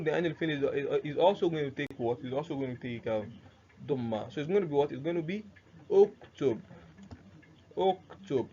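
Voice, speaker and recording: A man with a slightly high voice teaching grammar and asking "what?" before each answer. He repeats key words slowly. The recording is dull and lo-fi with faint noise behind him. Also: a little mellow. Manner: asks rhetorical questions, repeats words slowly. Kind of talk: recorded lesson.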